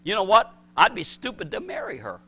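A man's voice: sits high, huge pitch swings, fairly quick, pushed and bright, husky. A male pastor preaching a sermon, emphatic and repetitive, acting out the voices he quotes.

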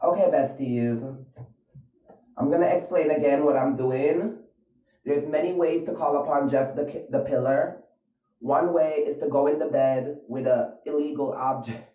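A nervous, theatrical man chatting on a phone live stream, his voice sitting a little high. The sound is echoey and dull, picked up by a phone leaning against a mirror. He swings between jittery fear and gushing thanks to his viewers. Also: a little slow. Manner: dramatic, jittery, gushes at viewers. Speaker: livestream host. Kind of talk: casual live-stream chat. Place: dim room at home at night. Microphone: phone propped against a mirror.

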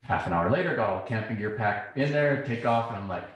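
Here a middle-aged man talks fairly quickly in a lowish voice, addressing the public in a very reverberant lecture hall. His stories come alive as he plays out the quoted conversations.

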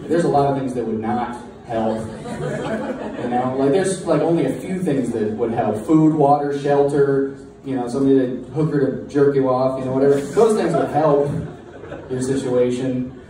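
Rambling stand-up comic in an echoey bar. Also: male voice, mid-range voice. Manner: rambling, halting, self-deprecating. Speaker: stand-up comedian. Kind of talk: stand-up set. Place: bar taproom stage. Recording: echoey distant room mic with crowd noise.

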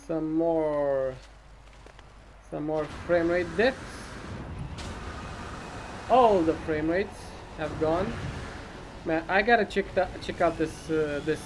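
Slow-talking, foul-mouthed gamer man. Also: fairly high pitch, noisy background. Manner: profane, muttering, talks to himself. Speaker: let's play commentator. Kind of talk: casual gameplay commentary.

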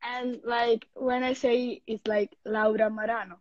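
High, excited Italian young woman. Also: a little slow, lo-fi sound. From Italy. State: emotional, shaky and teary. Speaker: fan caller. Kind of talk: casual video call chat.

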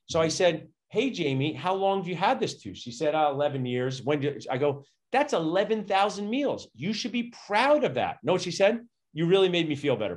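A middle-aged man, a dentist, telling stories energetically and acting out quotes in a conversational interview. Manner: energetic, acts out quotes with big pitch jumps. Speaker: dentist and podcast guest. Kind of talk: animated storytelling conversation.

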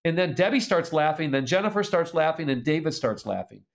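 A middle-aged man in an interview, telling a story in an animated way and laughing as he reads old letters aloud. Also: a little high, brisk, gravelly. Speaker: author and speaker.

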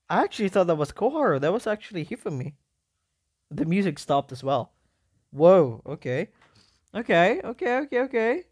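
A gaming YouTuber giving rambling, excitable let's-play commentary, full of fillers. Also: medium pitch, normal speed, husky.

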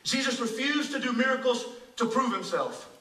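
A man with a strikingly high, piercingly bright voice delivers a sermon, pressing his points with repeated words and rhetorical asides. He sounds roomy and distant, as if captured from across an echoing church sanctuary. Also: animated, moderate pace. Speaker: pastor. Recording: echoey church hall, voice picked up from a distance.

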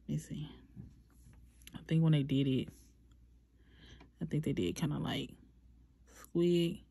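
Low-voiced woman doing a casual nail tutorial. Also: steady tone, slow pace, vocal fry, warm tone, breathy edge, no room sound. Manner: chatty, addresses viewers as y'all.

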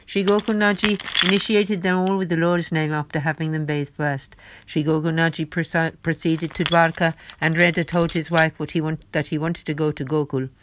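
A woman reading devotional stories aloud in a slow, careful manner. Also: low voice, flat delivery, background noise. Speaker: devotional story reader.

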